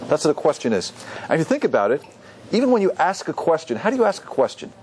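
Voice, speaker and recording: A rabbi giving a lively Torah class to an audience, often asking them questions. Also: male voice, a little high, fast, a little hiss or hum. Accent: Ashkenazi Hebrew pronunciation.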